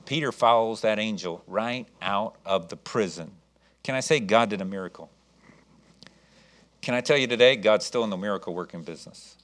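Animated man preaching a sermon. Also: fairly low pitch, normal speed. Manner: animated preaching, acting out voices of the story. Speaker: pastor.

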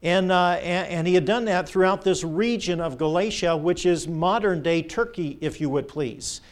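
A man's voice: high voice, moderate pace. A male pastor preaching a sermon, quizzing the congregation with call-and-response questions and often adding "if you would please.".

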